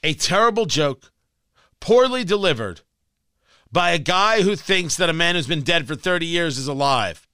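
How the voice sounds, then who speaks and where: A man's voice: on the high side, lively intonation, normal speed, bright, forceful tone, clear, resonant tone, no room sound. A man hosting a talk radio show, delivering an emphatic, combative monologue into a studio microphone.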